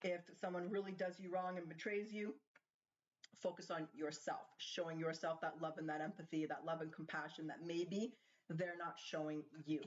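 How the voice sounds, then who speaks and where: A woman does a casual tarot card reading, chatting and thinking aloud as she puts questions to the cards. Her voice sits low with fairly even intonation at a moderate pace, and the lo-fi recording sounds slightly dull.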